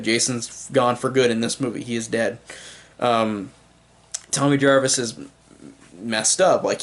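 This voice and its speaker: Rambling, enthusiastic young man reviewing movies. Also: medium pitch. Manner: enthusiastic, rambling, many fillers like "like" and "um". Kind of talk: casual spoken movie review.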